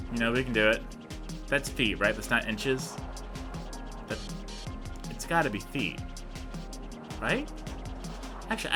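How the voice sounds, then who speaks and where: A young man giving casual, rambling, self-deprecating commentary while playing a video game. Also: lowish voice. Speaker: let's play host.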